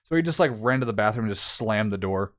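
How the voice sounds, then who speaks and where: A man's voice: on the low side, expressive, quick pace. A young man streamer telling a long story in casual chat, rambling with many fillers and acting out what people said.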